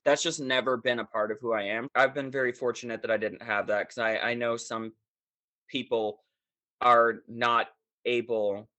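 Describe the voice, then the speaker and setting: A man in his thirties speaking as a podcast guest, candid, profane and animated in casual talk. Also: medium pitch, moderate pace, dry recording. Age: 30s.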